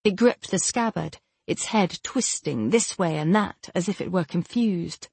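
A woman reading a fantasy novel aloud as an audiobook narrator, in a steady, even storytelling manner. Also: fairly low pitch, unhurried, gravelly, slightly rough, dry recording.

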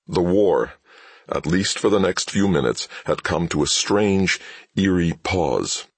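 Deep, husky male audiobook narrator. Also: no echo. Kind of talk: scripted dramatic narration.

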